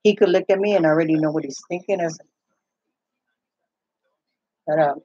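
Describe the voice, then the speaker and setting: Older woman with a husky voice, rambling. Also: low-pitched, a little fast, dark tone, no room sound. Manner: rambling, full of restarts and "I go". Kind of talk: casual chat. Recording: dull, muffled, lo-fi sound.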